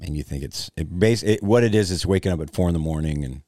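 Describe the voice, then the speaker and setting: A man's voice: deep voice, fast talker, mellow, no room sound, clean studio sound. A young man co-hosting a casual podcast chat, jokey and teasing.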